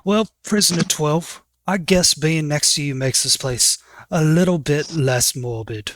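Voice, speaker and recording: A man's voice: a little high, a little slow, fairly bright tone, no room sound, clean studio sound. A man voicing a tough, tattooed dwarf woman prisoner with a wry, drawling way of talking in a tabletop game.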